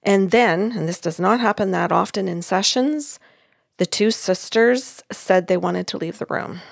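A woman's voice: medium pitch, measured pace, creaky, no room sound, studio quality. A woman who works as a psychic medium, recounting a session in casual chat and acting out the others' words. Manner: animated, acts out quotes of others.

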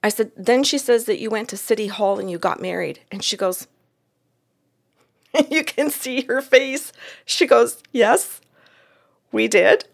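A woman telling a story from a client session in a casual, animated way, acting out the voices in it and laughing often. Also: on the high side, unhurried, gravelly, long pauses.

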